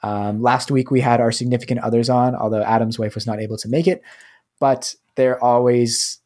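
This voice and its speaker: A young American man co-hosting a podcast, talking in a relaxed, hesitant way with lots of ums and likes. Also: medium pitch, normal speed. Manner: relaxed, filler-heavy, hesitant. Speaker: podcast co-host. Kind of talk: casual podcast chat.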